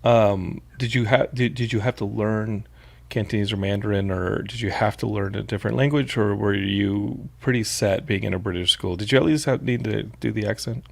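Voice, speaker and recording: A man's voice: lowish voice, steady tone, moderate pace, gravelly. A man hosting an interview podcast, joking and acting out other people's words. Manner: playful, acts out quotes, restarts a lot. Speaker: podcast host. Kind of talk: casual interview chat.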